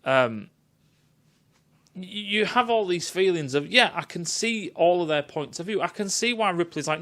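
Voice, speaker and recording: A man giving a profane, animated rant as he critiques a film. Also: high voice, normal speed. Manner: animated, swears a lot, acts out quotes. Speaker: film reviewer.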